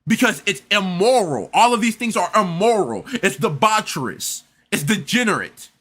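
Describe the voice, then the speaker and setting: A man's voice: sits high, lively intonation, moderate pace, fairly bright tone. A man giving reaction commentary, exasperated and rambling, often stammering and repeating words. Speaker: reaction streamer.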